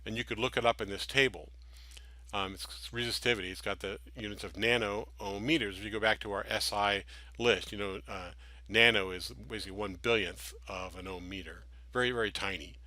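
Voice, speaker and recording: Bright-voiced man teaching a lecture. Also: on the low side, steady tone, brisk, no room sound. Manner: explains patiently with everyday analogies, frequent restarts. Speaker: instructor. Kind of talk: classroom lecture with slides.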